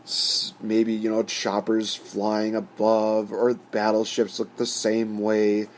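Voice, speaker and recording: A man's voice: lowish voice, completely flat delivery, takes it slowly, a little hiss or hum. Rambling casual man ranting on camera. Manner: rambling, frequent "you know" fillers. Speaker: host. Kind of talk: casual opinion rant.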